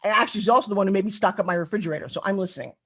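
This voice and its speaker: This middle-aged woman talks very fast in a mid-range voice with a breathy quality. Her conference keynote is chatty and story-driven, and she engages the audience directly with animated energy.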